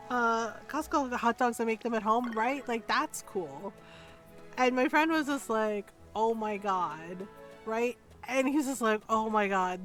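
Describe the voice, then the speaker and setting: A middle-aged woman streaming a game, chatting casually and telling a story in an animated way, acting out the people she quotes. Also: on the high side.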